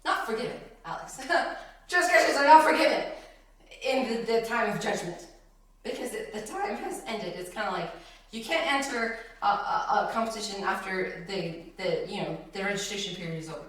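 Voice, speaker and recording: This is a woman teaching a conversational Bible study: she reads verses, explains them, and laughs animatedly between scripture lines. Her voice is mid-range and her pace moderate. A distant mic captures her in an echoey room.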